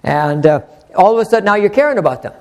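A man's voice: sits high, animated, fast. Older male pastor, earnest rambling sermon. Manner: earnest, conversational, rambling with restarts.

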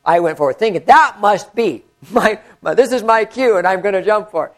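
A man preaching a conversational sermon, swinging from animated storytelling to hushed, prayerful tones. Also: high-pitched, a little fast, low-quality recording.

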